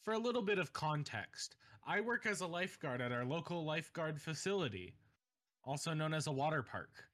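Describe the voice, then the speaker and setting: A young man with a slightly high voice and a bright, forceful tone talks in an unhurried deadpan way. He is part of a casual group chat, setting up a story about his lifeguard job.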